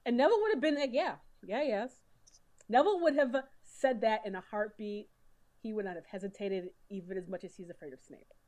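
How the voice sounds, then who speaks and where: A woman's voice: medium pitch, expressive, brisk, a little mellow, rough recording. A woman co-hosting a podcast in casual chat, swearing freely and laughing often. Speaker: podcast co-host.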